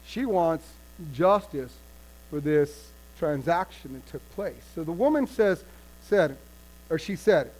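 A man preaching a sermon, retelling a story with animated storytelling that swings from loud to hushed. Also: fairly high pitch, slow pace, low-quality recording.

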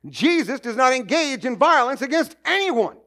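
Animated high-voiced man preaching. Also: moderate pace. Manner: animated, jokey preaching with acted asides. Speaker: pastor. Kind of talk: sermon.

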